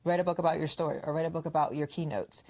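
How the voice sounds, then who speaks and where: Woman podcast co-host, low voice, casual storytelling, mimics friends' lines. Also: racing. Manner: animated storyteller, acts out quoted friends. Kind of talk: casual conversational podcast chat.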